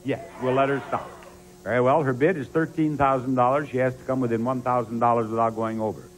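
A man's voice: medium pitch, steady tone, fast talker, slight background noise. A man hosting a television game show, drawing out numbers and addressing the studio audience emphatically.

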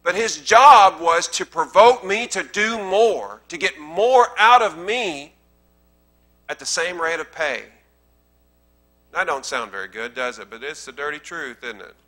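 Emphatic Southern preacher with a bright voice. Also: male voice, on the high side, lively intonation, measured pace. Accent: Southern American. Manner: conversational preaching that swells into emphatic repetition. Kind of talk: sermon. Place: church sanctuary.

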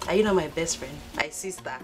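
A woman's voice: sits low, fast talker, darkish tone, close to an everyday voice. A Nigerian actress playing a caring woman who coaxes and reassures her upset friend, dropping Igbo words. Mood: coaxing. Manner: coaxing, reassuring, mixes in Igbo. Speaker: actor in a film. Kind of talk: Nollywood film acting. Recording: film audio with faint background music.

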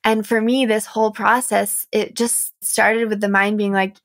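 A young adult woman hosting a reflective solo podcast as a coach, speaking softly and earnestly with light laughs. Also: mid-range voice, little pitch movement, normal speed.

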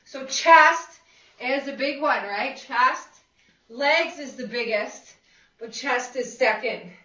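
A woman's voice: high-pitched, slow pace, sharp tone. A woman fitness instructor leading a live seated exercise class, upbeat and encouraging, calling out counts and cheering the group on. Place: exercise room with a class present. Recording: echoey room, far from a dull lo-fi mic.

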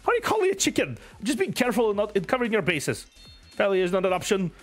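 A vain teenage girl gang boss, as a man puts her on, shrill and indignant, with a pitch that leaps around. The read sits over light game music. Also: wildly swooping pitch, fast.

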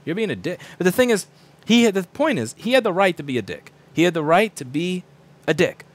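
A man's voice: sits high, expressive, brisk. A man in his thirties, a repair shop owner, ranting casually to camera, profane, acting out quoted people in shifting voices.

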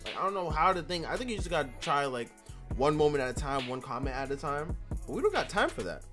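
A man giving playful, profane let's-play commentary, his pitch leaping up and down as he chats at the characters. His voice sits a little higher than most men's, with faint game music underneath. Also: fast talker. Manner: animated, joking, profane, talks to the game characters. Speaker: gaming channel host.

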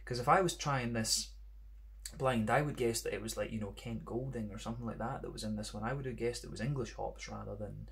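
A man's voice: on the low side, brisk, creaky, fairly bright tone. A man with a Scottish accent reviewing beer in a casual, rambling monologue, full of "kind of" and "sort of" fillers.

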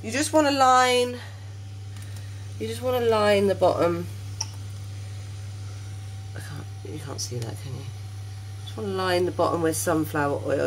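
Using a hand-held phone camera, a woman in her thirties records a casual cooking demonstration in her noisy kitchen, walking her small son through the recipe in a chatty, coaxing way. Her voice is on the low side with lively intonation, at normal speed with frequent pauses.

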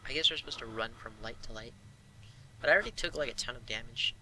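A man's voice: medium pitch, quick pace, pushed and bright, slight background noise, rough recording. A young man casually commentating a horror game, joking and muttering asides to himself. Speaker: gameplay commentator.

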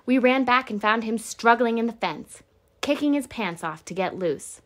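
A woman teacher reading a novel aloud to her class, steady and clear. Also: a little high, moderate pace.

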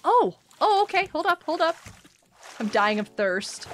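A woman gaming streamer with a high, lively voice that swoops up and down as she chats. She talks playfully and scolds her teammates in mock outrage. Faint music plays behind her. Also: a little slow. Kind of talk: casual gameplay commentary.

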